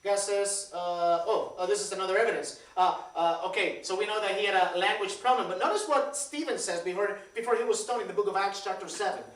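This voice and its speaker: With a high-pitched voice, a slightly fast pace, and hardly any pauses, this Puerto Rican pastor in his 30s, a native Spanish speaker, gives a conversational sermon. He is lively, repeats himself, and questions the congregation. The sanctuary's roomy echo comes through a distant mic.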